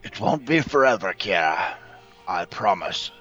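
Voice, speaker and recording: A man voicing a captured barbarian father who speaks low and earnestly to his family. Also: lively intonation, a little slow, fairly bright tone, highs cut off, faint music behind. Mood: urgent. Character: grave captive barbarian father, middle-aged man.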